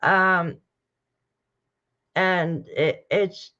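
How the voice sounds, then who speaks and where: A woman's voice: fairly low pitch, steady tone, drawn-out words, bright, forceful tone. A woman hosting a casual livestream, talking straight to her viewers and greeting the chat. She sighs often and sounds close to tears. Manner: emotional, sighing, fighting back tears. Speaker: true crime livestream host. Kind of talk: casual livestream commentary, reading posts aloud. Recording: dull lo-fi stream audio with faint music.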